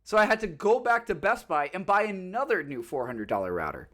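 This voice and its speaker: Man on a casual podcast, animated storyteller, fairly high voice, very lively pitch. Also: brisk. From Florida. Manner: animated storytelling, swears often, acts out callers. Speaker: podcast host. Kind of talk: casual chat.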